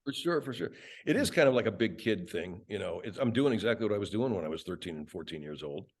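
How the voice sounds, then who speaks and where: An older man, a radio host and voice actor, chatting as a guest with animated, profane, laughing storytelling. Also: lowish voice, fast talker. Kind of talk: casual interview chat.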